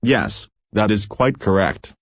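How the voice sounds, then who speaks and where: A man's voice: fairly low pitch, sing-song, slow pace, dry recording, studio quality, heavily acted. A man voicing a pompous, self-important male alien leader who issues commands. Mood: commanding. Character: pompous giant-brained male alien leader, easily alarmed.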